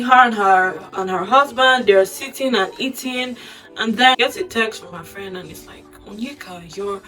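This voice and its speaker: A woman casually recapping a drama-filled story, gossipy and animated, acting out the quoted lines, recorded from a bit off the mic with faint music behind. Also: a little high, recorded from a distance, poor audio. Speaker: storytime host.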